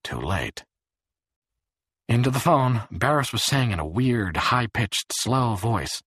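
Husky-voiced man narrating. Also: mid-range voice, sing-song, slow pace, fairly bright tone, no echo, clean studio sound. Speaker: audiobook narrator. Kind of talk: scripted narration.

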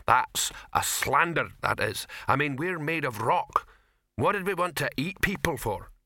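Male narrator voicing a dim troll actor, raised pitch, rough and slow. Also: animated, pushed and bright, dry recording, clean studio sound, exaggerated voice. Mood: indignant. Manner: slow, chummy, rough-spoken.

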